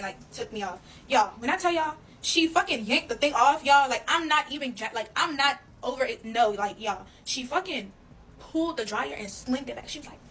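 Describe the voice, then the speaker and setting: Woman vlogger, quick and fairly high, casual storytime, blunt and animated. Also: a little hiss or hum, poor audio. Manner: fast, animated, addresses listeners as y'all, swears freely.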